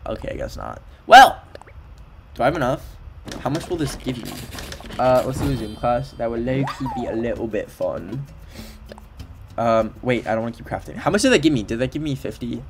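Speaking a little fast in an expressive, mid-range voice, a young Canadian streamer chats casually during a gameplay livestream. He's playful, uses lots of fillers, and sometimes sings along with nonsense syllables. There's faint game music and a slight hiss or hum.

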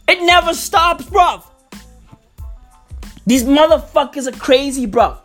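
A woman ranting profanely into a microphone, full of slang, swearing and loud laughter at her own jokes. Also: high voice, lively intonation, slow pace, long pauses, soft background music. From South Africa.

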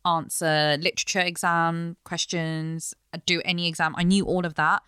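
A woman's voice: fairly low pitch, level tone, moderate pace, fairly bright tone, smooth, no room sound, studio quality. A young adult woman, a chef and business owner, chatting earnestly in an interview and explaining at length. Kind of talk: casual interview chat.

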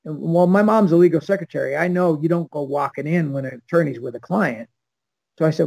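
A man's voice: on the high side, brisk, vocal fry, a little mellow, no room sound, low-quality recording. An older man from Los Angeles, a podcast guest telling a long story and acting out the people in it. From Los Angeles, USA. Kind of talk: storytelling anecdote.

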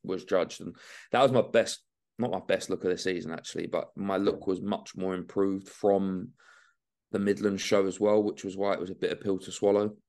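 A man's voice: sits low, steady tone, normal speed, a little mellow. A young man talking casually and swearing freely in a podcast chat, dropping mate and man into his sentences. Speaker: bodybuilding guest.

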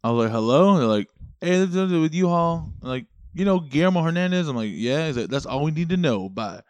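Quick-talking guy, blunt and crude, casual co-host banter. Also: mid-range voice, animated, dry recording. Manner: blunt, swearing, chiming in. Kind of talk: casual chat.

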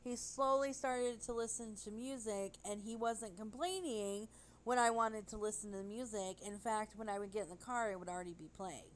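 A woman telling a rambling, animated story in casual chat. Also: mid-range voice, normal speed, a little hiss or hum, low-quality recording.

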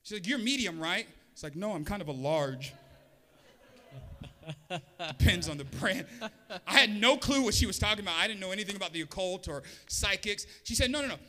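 A man's voice: high-pitched, expressive, brisk, sharp tone. A man preaching a sermon as a pastor, telling a story with humor and acting out the voices of the people in it.

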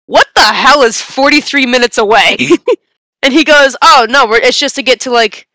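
A young woman on a casual podcast, telling a long story in an animated, rambling way with bursts of laughter. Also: high voice, moderate pace, no room sound. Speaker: podcast co-host.

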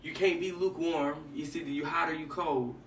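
A man with a voice on the high side hosts a casual faith talk, speaking fairly quickly and telling stories animatedly while acting out what people said. He's recorded from a distance in an echoey room, with faint noise.

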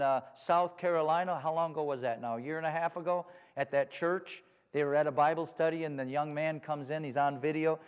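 Guy preaching a sermon, kinda high voice, asks for amens a lot, echoey church hall. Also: smooth. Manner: call-and-response, asks for amens. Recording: long reverb of a hall.

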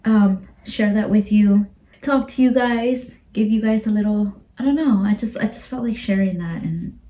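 A single mother in her thirties hosting a podcast, speaking emotionally in a halting, repetitive way, swearing and often dropping to a whisper. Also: mid-range voice, warm tone. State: emotional, near tears. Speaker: podcast host. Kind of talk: emotional personal podcast monologue.

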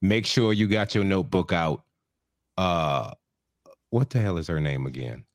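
Man, podcast co-host, lively swinging pitch, emphatic and profane, dry close mic. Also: a little slow, dry recording. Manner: animated and emphatic, swears freely. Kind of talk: casual comedic recap chat.

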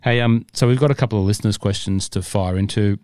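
A man with a low, mellow voice talks in a rambling, jokey way as a podcast co-host. The sound is dry and close to the mic. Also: steady tone, fast talker, smooth, no echo. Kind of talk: casual chat.

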